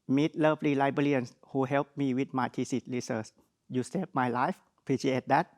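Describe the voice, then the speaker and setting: A young man with a Thai accent delivers a graduation speech on behalf of his classmates. His tone is earnest and his phrasing shows English is not his first language. His voice sits at an ordinary middle pitch. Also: steady tone, normal speed, darkish tone. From Thailand. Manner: earnest, with non-native phrasing. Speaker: graduate speaker.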